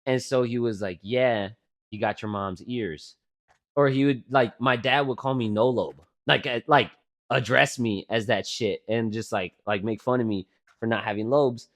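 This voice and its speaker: A podcast co-host in his twenties speaks in a mid-range voice at normal speed. In loose conversation he spins animated, profane, meandering tales full of filler words.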